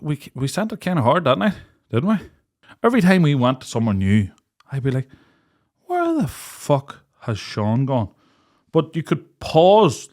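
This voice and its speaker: An Irish man, a young adult podcast co-host, telling a night-out story in casual chat, swearing freely and acting out quotes between bursts of laughter. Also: mid-range voice. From Ireland.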